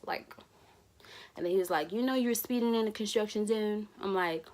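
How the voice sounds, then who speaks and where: A woman's voice: medium pitch, moderate pace, darkish tone. A young woman tells a story on her vlog, laughing and acting out the dialogue. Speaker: vlogger.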